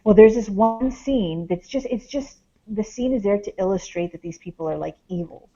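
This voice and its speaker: A woman's voice: mid-range voice, moderate pace, mellow, dull audio. A woman, a paranormal investigator, talks casually as a podcast guest, rambling with many fillers as she tells a story. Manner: rambling, heavy on "like" and "um".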